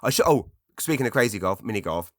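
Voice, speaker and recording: A middle-aged Englishman with a lowish voice rambles through a solo podcast, chatty and self-deprecating, often restarting his sentences. The sound is dry and close, with no room around him. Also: expressive, quick pace, no room sound. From England. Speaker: podcast host.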